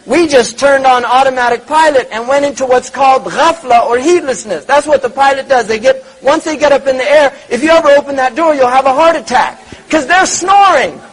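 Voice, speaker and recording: A man's voice: very high-pitched, a little fast, hardly any pauses, low-quality recording. A man giving a religious lecture, reflective, repeating words and asking rhetorical questions. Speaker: Islamic lecturer.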